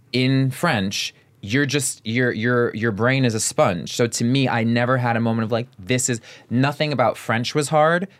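A man guesting on a podcast, chatting casually and filling his talk with "like.". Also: medium pitch. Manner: chatty, fills with "like" constantly. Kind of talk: casual conversation.

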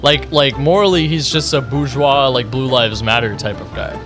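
A young podcast co-host sounds defensive and worn out as his friends tease him. His voice sits at an ordinary middle pitch. Faint music plays in the background. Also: normal speed. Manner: defensive, exasperated. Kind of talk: casual banter.

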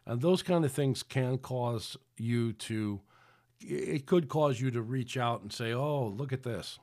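This podcast preacher talks slowly at a medium pitch, his tone slightly mellow. His sermon-style delivery wanders in a chatty way, with frequent restarts and quotes he acts out.

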